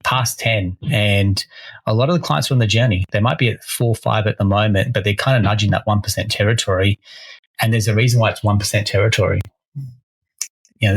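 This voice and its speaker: A man's voice: on the low side, fairly bright tone, no echo, low-quality recording. A man, co-hosting a casual podcast as a mortgage broker, talking energetically and often restarting his phrases.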